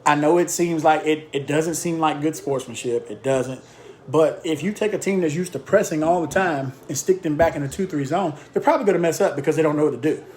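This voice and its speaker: A man's voice: a little high, fairly quick, darkish tone. Emphatic man coaching basketball. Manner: emphatic, repetitive drill-style lists; speaks in short punchy phrases. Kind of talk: casual coaching talk.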